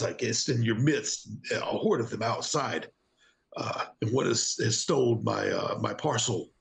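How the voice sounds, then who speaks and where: A man voicing a humble, lost male monk who speaks earnestly and haltingly. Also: medium pitch, creaky.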